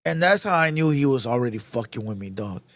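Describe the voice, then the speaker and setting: A man's voice: mid-range voice, animated, fairly quick, a bit bright. A man hosting a live show, telling a heated, profane story in casual street slang, repeating himself as he goes.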